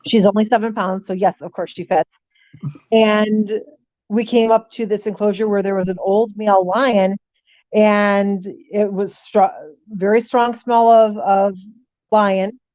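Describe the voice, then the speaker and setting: A middle-aged woman, a guest on an interview show, telling lively stories, voicing animals' thoughts and dropping frequent ums. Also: mid-range voice, a little slow, dry recording, highs cut off. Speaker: guest, paranormal author. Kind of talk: casual storytelling interview.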